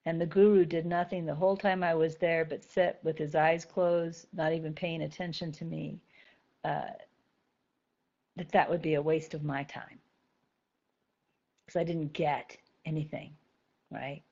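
This is a woman leading a reflective spiritual talk for a group, her voice a touch low and her pace very slow. She turns phrases over gently and repeats them for emphasis. The recording sounds slightly dull and lo-fi. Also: steady tone. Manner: gentle, thoughtful, repeats key phrases slowly. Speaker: spiritual teacher.

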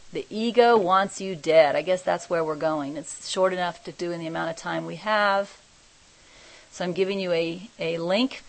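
A woman teaching a spiritual group, reading channeled messages aloud and commenting on them in a soft, reflective way. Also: fairly low pitch, creaky, rough recording. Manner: soft-spoken, reflective, often laughing.

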